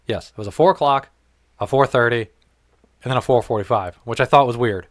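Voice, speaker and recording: A man's voice: mid-range voice, a little fast, no echo, studio quality. A man hosting a podcast, telling a story in casual chat, swearing freely and acting out what people said. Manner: profane, animated, acts out quoted dialogue. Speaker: podcast host.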